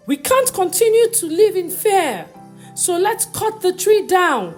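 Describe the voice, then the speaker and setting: A woman's voice: very high-pitched, big pitch swings, a little slow, faint music behind, pitched above the performer's own voice, heavily acted. A woman voicing a determined village milkmaid who speaks up with urgency. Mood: urgent.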